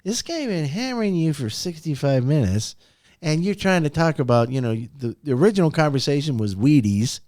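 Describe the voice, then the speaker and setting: Animated man with a lively, swooping voice. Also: brisk, few pauses, no echo, clean studio sound. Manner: animated, swoops pitch up and down for emphasis; storytelling, laughs often. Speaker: podcast host. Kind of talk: motivational podcast talk.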